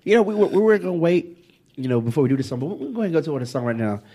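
A man hosting a podcast in a studio, asking questions in a relaxed, slangy way. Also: on the high side, racing. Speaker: podcast host. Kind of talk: casual podcast interview.

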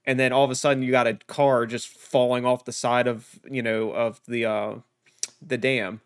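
A man's voice: mid-range voice, level tone, moderate pace, no room sound, clean studio sound. A man co-hosting a casual film podcast, explaining a scene in a rambling way with many restarts.

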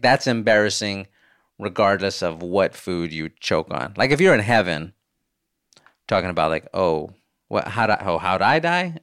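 A man in his thirties hosting a podcast, answering listener voicemails with animated, jokey storytelling and casual swearing. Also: fairly low pitch, no echo, clean studio sound. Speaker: podcast host.

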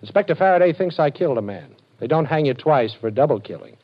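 An actor playing a cool, wisecracking male detective in a 1940s radio drama, wry and quick with a joke. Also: fairly high pitch, expressive. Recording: dull old radio recording.

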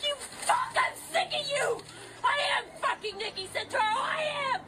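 A woman's voice: extremely high pitch, lively intonation, moderate pace, shouting, heavy background noise. An actress playing a drunk, furious woman screaming and swearing at her husband in a film drama.

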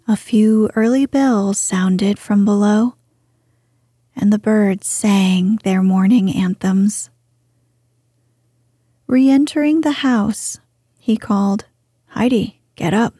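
A woman whispering a bedtime story in a soothing, hushed, breathy voice. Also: medium pitch, takes it slowly, long pauses, no room sound, clean studio sound.

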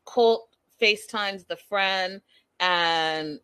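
A woman vlogger recapping a reality show in casual, animated, gossipy chat with dramatic asides. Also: mid-range voice, very slow, clean tone.

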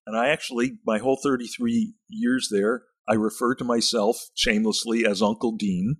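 An older man, an author and retired teacher, talking thoughtfully on a podcast with halting restarts and reading passages from his book slowly and expressively. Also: medium pitch, expressive, gravelly, breathy edge.

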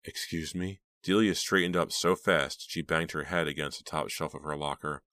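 A man narrating a teen thriller audiobook in a measured storytelling voice. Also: a bass voice, fairly even intonation, bright, forceful tone, dry recording. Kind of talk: scripted narration.

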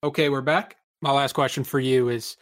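A man's voice: medium pitch, steady tone, normal speed, no room sound, clean studio sound. A man hosting a sports podcast, asking plain questions in a casual interview. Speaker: podcast host.

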